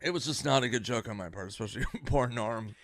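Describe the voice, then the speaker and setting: A man casually telling a story about a friend, acting out loud, excited quotes and swearing. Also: medium pitch, fast, no echo, studio quality. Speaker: comedian telling an anecdote.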